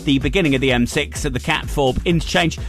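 A man reading a scripted traffic and travel bulletin on radio in a brisk, clear newsreader manner. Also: on the high side, a bit bright. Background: faint music bed.

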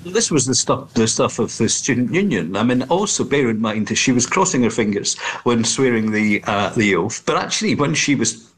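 A Scottish man with a husky, slightly rough voice answers as a talk show guest. He sounds disparaging and halting, stumbling over restarts as he goes. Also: medium pitch, lively intonation, a bit bright. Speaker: politician guest. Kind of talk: remote talk show interview.

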